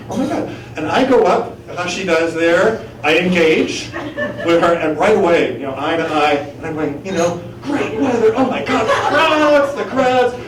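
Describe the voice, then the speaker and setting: A college professor with a high-pitched voice tells a story on stage before a live audience, animatedly acting out his own lines and other people's and slipping into fluent French. The recording has a noisy background, a roomy live-venue sound, a distant mic, and crowd laughter.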